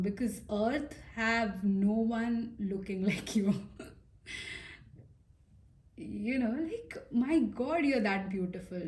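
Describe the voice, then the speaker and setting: A woman giving a casual pick-a-pile tarot reading, chatty and reassuring, full of fillers and soft asides. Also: medium pitch, slow, long pauses. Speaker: tarot reader.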